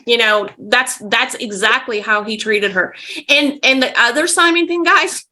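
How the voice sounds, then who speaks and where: Podcast guest: woman with a bright, fairly high voice, lively storyteller. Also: unhurried, a little hiss or hum. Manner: vivid, animated storyteller. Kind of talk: casual storytelling.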